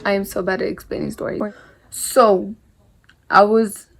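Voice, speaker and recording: A woman's voice: mid-range voice, flat delivery, unhurried, vocal fry, slight background noise. A young woman vlogger telling a rambling story in a casual chat while doing her makeup, full of "like" and mild swearing.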